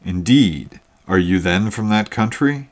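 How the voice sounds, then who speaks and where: A man reading the part of a sorrowful exiled father, speaking in a subdued, quiet way. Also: lowish voice, animated, measured pace.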